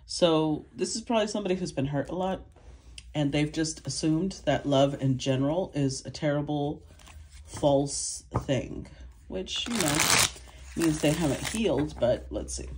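A woman's voice: low-pitched, measured pace, a little mellow, slight background noise. A woman giving a casual tarot reading, calling out cards and thinking aloud as she interprets them. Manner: thinks aloud, calls out cards, clears throat. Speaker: tarot reader.

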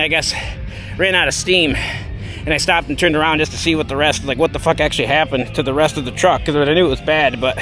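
A man's voice: fairly high pitch, a bit bright. A man telling a story casually, rambling and swearing heavily. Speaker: vlogger.

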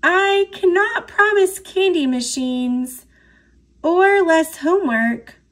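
A woman voicing a shy young schoolgirl who speaks softly and earnestly in a picture book read-aloud. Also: very high voice, expressive, slow pace, pitched above the performer's own voice, heavily acted. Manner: soft, earnest, careful. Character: shy new schoolgirl, young, quiet but brave.

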